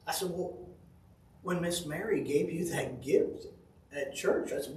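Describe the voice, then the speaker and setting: A man's voice: fairly high pitch, a little slow, pauses often, slight background noise. A man giving a casual devotional sermon, telling folksy family stories with chuckles. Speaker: pastor. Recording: roomy audio from a distant mic.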